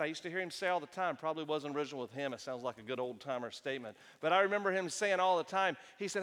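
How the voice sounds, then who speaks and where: A middle-aged man preaching a sermon, swinging between hushed, slow passages and loud, emphatic ones. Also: a little high, animated, long reverb tail. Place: church sanctuary.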